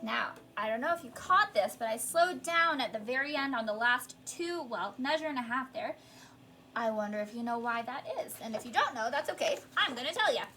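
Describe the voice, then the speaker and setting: A woman's voice: fairly high pitch, expressive, fairly quick, pushed and bright, a little hiss or hum. A young woman teaching an online piano lesson, explaining patiently step by step and encouraging her student.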